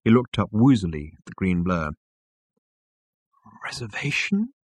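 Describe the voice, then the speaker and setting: A man narrating a storybook chapter in a slow, measured, dramatic reading. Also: low-pitched, expressive, a little mellow, no echo. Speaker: audiobook narrator. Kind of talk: scripted narration.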